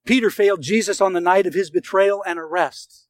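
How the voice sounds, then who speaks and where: Male pastor with a high voice, earnest sermon storyteller who leans on dramatic pauses. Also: dry recording, low-quality recording.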